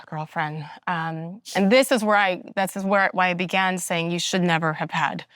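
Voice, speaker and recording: A woman hosting a conversational interview, with a somewhat low voice. She speaks in a reflective, personal, soft-spoken way. The recording is dry and close. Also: steady tone, moderate pace, clear, resonant tone, no room sound. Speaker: host.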